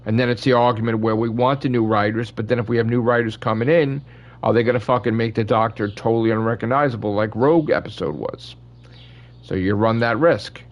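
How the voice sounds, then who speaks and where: A man's voice: mid-range voice, steady tone, fairly quick, muffled recording. A man hosting his channel, ranting in casual fan commentary with blunt opinions and constant swearing. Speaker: channel host.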